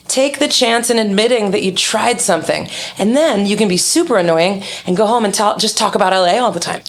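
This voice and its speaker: A woman's voice: mid-range voice, brisk, few pauses. A woman guest in a casual interview, telling stories candidly and animatedly. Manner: candid, animated storyteller who acts out quotes.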